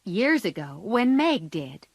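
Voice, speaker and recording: A woman's voice: medium pitch, big pitch swings, slow pace, slightly rough, dry recording, full character voice. A woman voicing a spirited, impulsive teenage girl who speaks earnestly.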